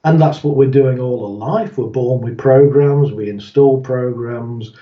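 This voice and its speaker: A man's voice: mid-range voice, a little slow. A man, a guest in an interview, explaining ideas through stories, chuckling often and acting out the voices he quotes. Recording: roomy, distant, dull sound.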